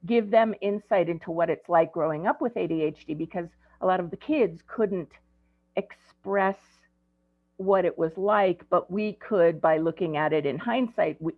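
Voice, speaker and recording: A woman in her sixties, an ADHD coach, tells stories in a relaxed, conversational way and often stops for an um. Her voice has a gravelly, creaky edge. The audio is dry and tinny, as if heard over a video call. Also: low voice, dry recording. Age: 60s. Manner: conversational, storytelling with frequent ums. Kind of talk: presentation to parents.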